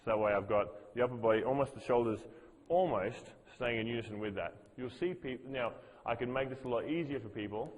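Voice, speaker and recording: A low-pitched man leads a gym class, counting reps and talking through each movement as he demonstrates it. His voice carries a long reverb, as if he is recorded in a big hall. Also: fast, narrow, tinny audio. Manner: coaching, counts reps aloud, demonstrates as he talks. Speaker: fitness instructor.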